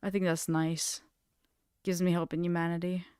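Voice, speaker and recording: A woman's voice: fairly low pitch, level tone, moderate pace, darkish tone, clear, resonant tone, dry recording. Young woman streamer, rambly and casual, lots of "like", very clean dry sound. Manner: rambling, heavy use of "like", casual swearing. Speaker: live streamer. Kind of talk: casual late-night livestream chat.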